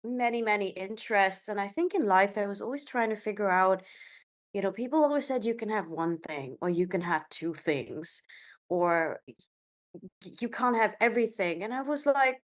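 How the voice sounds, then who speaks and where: A woman's voice: medium pitch, animated, moderate pace. A woman in her thirties from India, chatting as a podcast guest in a rambling, conversational way. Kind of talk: casual conversational interview.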